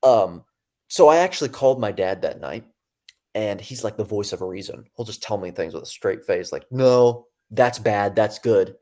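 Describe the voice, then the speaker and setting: A young man in his twenties, a podcast guest telling his own story in a casual, animated way, often acting out what people said. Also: fairly low pitch, moderate pace. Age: 20s. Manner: animated, acts out quoted dialogue; casual, many fillers and restarts. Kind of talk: storytelling in an interview.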